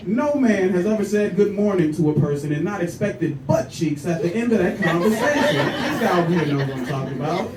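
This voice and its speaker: A stand-up comedian, a man with a high voice, teases a live audience in an animated way. He is heard from a distance across an echoey club. Loud crowd laughter rolls around him. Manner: animated, teasing, talks straight to the crowd.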